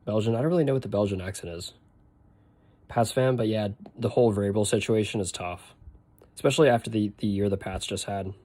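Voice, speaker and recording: A young man with a Boston accent talks his way through a game stream in loose, rambling chat, stopping to answer questions from his viewers. His voice sits on the low side and sounds mellow and relaxed. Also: fairly quick. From northeastern United States. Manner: chatty, rambling, answers chat while playing. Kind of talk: casual gameplay stream chat.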